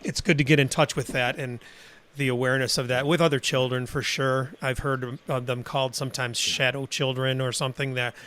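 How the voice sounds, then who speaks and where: A man hosting a podcast interview, speaking in a relaxed, rambling way. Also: medium pitch, a little fast, a little hiss or hum. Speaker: podcast host. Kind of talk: casual interview chat.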